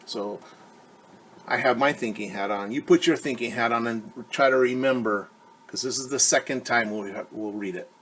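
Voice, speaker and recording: A man's voice: medium pitch, fairly bright tone, breathy edge. A male teacher reading a children's story aloud, speaking patiently to young listeners. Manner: slow, patient, addresses children directly.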